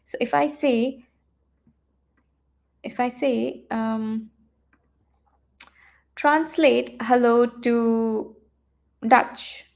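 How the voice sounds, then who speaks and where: A woman runs a live online coding lesson on a computer mic, talking her viewers through what is on her screen. Her voice sits fairly high, and she thinks aloud as she goes, full of fillers and restarts. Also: steady tone, drawn-out words, gravelly, long pauses, darkish tone. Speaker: coding teacher.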